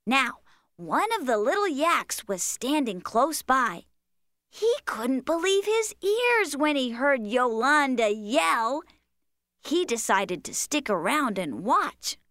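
A woman's voice: high-pitched, very animated, takes it slowly, a bit bright, no room sound, studio quality, heavily acted. A woman voicing a patient, playful cartoon critter who tells a bedtime story in a sing-song, coaxing manner. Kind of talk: children's cartoon voice acting.

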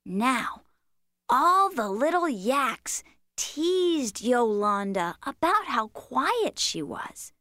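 A woman's voice: sits high, big pitch swings, extremely slow, pushed and bright, no room sound, studio quality, full character voice. A woman voicing a patient, playful cartoon critter who tells a bedtime story in a sing-song, coaxing manner. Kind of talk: children's cartoon voice acting.

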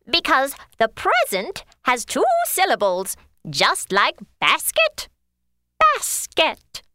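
A woman voicing a flustered, forgetful female rabbit in a children's educational audio story, dithering with drawn-out sighs. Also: high-pitched, noisy background, heavily acted. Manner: dithering, sighing, drawn-out exclamations.

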